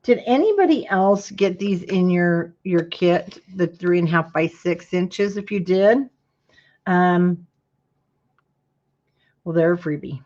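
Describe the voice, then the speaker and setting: A woman's voice: fairly low pitch, slow, long pauses, dark tone, highs cut off. A woman hosting a live craft tutorial, chatting to her viewers while she works and yawning now and then. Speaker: craft class host.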